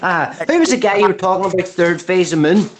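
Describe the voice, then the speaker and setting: A man's voice: sits high, lively intonation, fast talker, noisy background. A man chatting as a guest, rambling and stop-start, with heavy cursing. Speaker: guest caller. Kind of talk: casual chat.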